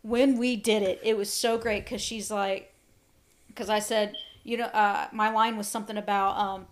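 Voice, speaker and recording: Woman co-host, casual talk, lively storyteller who voices the people in her stories. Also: mid-range voice, normal speed, slight background noise. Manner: animated storyteller, acts out quotes. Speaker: podcast co-host. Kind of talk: casual chat about acting.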